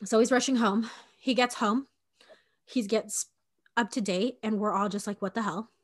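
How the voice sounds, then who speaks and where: A young woman tells a story on a personal storytelling podcast, chatty and casual. Her mid-range voice holds a steady tone at a moderate pace. She says "like" often, uses plenty of fillers, and acts out quoted dialogue.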